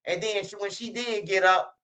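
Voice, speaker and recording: A man's voice: high voice, fairly even intonation, moderate pace, sharp tone. A man from Chicago hosting a commentary channel, telling stories in slangy street talk and acting out what people said. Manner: slangy storytelling, acts out quotes. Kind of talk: casual street-news commentary. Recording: dull lo-fi sound.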